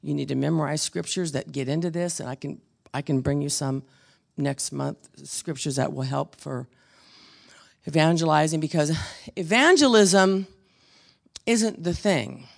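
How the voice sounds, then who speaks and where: A woman's voice: low-pitched, measured pace, creaky, long pauses. A woman leading a casual Bible study, chatty and storytelling, with frequent restarts.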